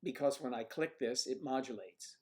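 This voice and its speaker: A gravelly-voiced man chats on a livestream through a desk computer mic. He keeps clearing his throat and half-mutters to himself as he pokes at his settings, speaking at an ordinary pitch. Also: moderate pace, darkish tone. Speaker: livestream host. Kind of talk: casual livestream chat while fixing tech trouble. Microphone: computer microphone at a desk.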